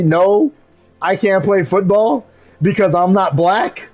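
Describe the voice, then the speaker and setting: A man's voice: sits high, slow pace, rough recording. Young male streamer, casual storyteller, laughs and swears, light game music behind. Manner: animated storytelling, laughs often, swears, says "bro". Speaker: gaming streamer. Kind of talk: casual live-stream chat while gaming.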